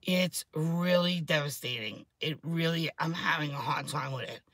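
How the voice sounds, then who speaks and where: A woman, rambling excitedly and swearing freely in a casual chat to camera, her voice a little hoarse. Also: low-pitched, moderate pace, no echo. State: hoarse throat. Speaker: vlogger.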